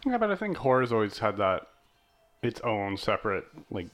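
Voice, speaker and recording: Man, deep-ish voice, animated intonation, rambling casual chatter. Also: normal speed. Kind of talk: casual chat.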